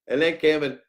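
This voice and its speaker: Rambling, lively middle-aged man. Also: medium pitch. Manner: rambling, jokey, swings between loud and hushed. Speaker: livestream host. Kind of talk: rambling livestream talk.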